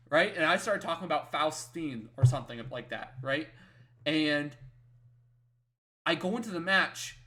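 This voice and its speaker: A man co-hosting a podcast, telling a story casually with lots of fillers and tag questions, growing loud and excited when he retells his wins. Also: a little high. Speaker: podcast co-host.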